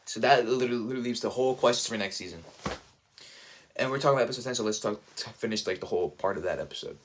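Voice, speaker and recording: A man's voice: mid-range voice, expressive, rapid-fire, slight background noise. A man giving a casual spoiler review, enthusiastic and rambling, full of fillers. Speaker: show reviewer.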